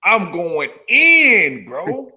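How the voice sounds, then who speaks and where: A man telling a profane, animated story full of slang in a casual chat. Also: sits high, very slow.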